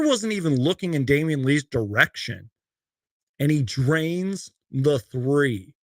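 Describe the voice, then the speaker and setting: Gravelly young man hosting a live fan stream. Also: a little slow, no echo, studio quality. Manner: excitable, loud outbursts on highlights, then rambling. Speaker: sports fan show host. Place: bedroom at home.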